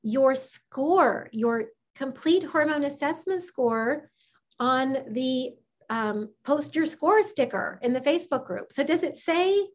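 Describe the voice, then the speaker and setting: A middle-aged woman hosting a live health program on a video call, reading participants' comments aloud with effusive praise. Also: sits high. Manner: effusive and gushing, sends kisses.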